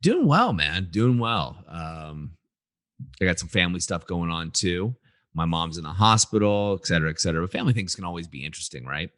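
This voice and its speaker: Host type: low-pitched man, relaxed upbeat podcast talk, dry close mic. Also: a little fast, no room sound. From California. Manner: upbeat, easygoing, frequent fillers. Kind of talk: casual podcast chat.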